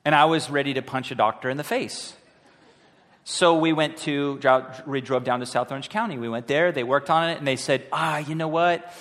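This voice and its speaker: A man, a high school pastor, preaching a sermon as an animated story, acting out the voices of the people he quotes. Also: brisk. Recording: long hall reverb.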